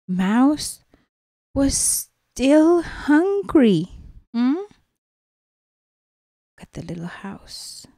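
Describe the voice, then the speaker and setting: A woman teacher reads a picture book aloud very slowly, stopping to coax children with little questions. Her pitch swings lively up and down, and the sound is dry and close. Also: no room sound. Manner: questioning, coaxing, slips into asides.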